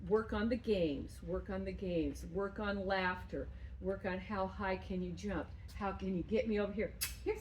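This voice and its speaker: A woman dog trainer coaching a student through footwork and play, breaking into high, excited praise when she plays with the dog. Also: normal speed, slight background noise, rough recording. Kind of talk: remote training lesson.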